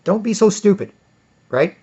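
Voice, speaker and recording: A man's voice: high voice, lively intonation, normal speed, creaky, dark tone, slightly rough. A middle-aged man vlogging in a rambling monologue. He repeats himself and often asks "right?". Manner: repetitive, asks "right?" often, jumps between topics. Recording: dull lo-fi recording.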